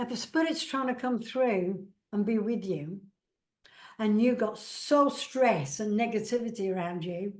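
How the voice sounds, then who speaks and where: Chatty English woman telling stories. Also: medium pitch. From England. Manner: chatty, rambling, acts out quoted dialogue. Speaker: psychic medium and author. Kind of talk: casual storytelling interview.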